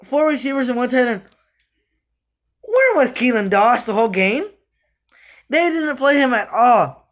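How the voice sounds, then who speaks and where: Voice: medium pitch, big pitch swings, a little slow, pauses often. A sports fan vlogger giving a casual, rambling rant about the team, repeating themselves in frustration with lots of fillers and restarts.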